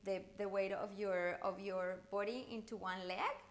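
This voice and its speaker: A woman coaching viewers through an online challenge lesson, talking in an animated, encouraging way with intonation that rises and falls. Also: medium pitch, moderate pace. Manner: encouraging, speaks straight to the viewer. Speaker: communication coach.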